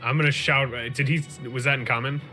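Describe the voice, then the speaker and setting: A man's voice: mid-range voice, fairly even intonation, fast, pushed and bright, soft background music. A man playing in a tabletop game, talking hesitantly with lots of fillers as he describes his moves. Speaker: player.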